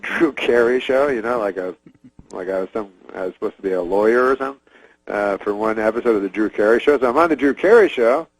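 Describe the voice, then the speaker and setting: A man's voice: medium pitch, creaky, no room sound, low-quality recording. A man comedian casually telling a long story, rambling with many fillers and frequent chuckles, on a remote call. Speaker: comedian guest.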